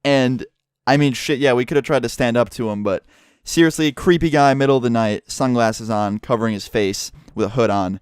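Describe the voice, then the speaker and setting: A young man tells a story vlog in a lively, profane way, cursing all through. His voice is smooth and clear at a middle pitch, and the sound is dry and close to the mic. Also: brisk, no echo. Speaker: YouTuber.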